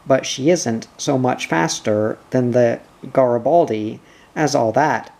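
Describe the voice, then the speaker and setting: A man reading the part of an older sailing instructor explaining ships, unhurried. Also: medium pitch, vocal fry, a little mellow.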